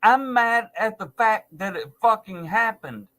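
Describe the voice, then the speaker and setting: A man's voice: sits high, animated, a little slow, bright, forceful tone. A man in his forties giving an angry, sarcastic monologue to camera, swearing heavily. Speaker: vlogger. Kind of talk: profane ranting monologue.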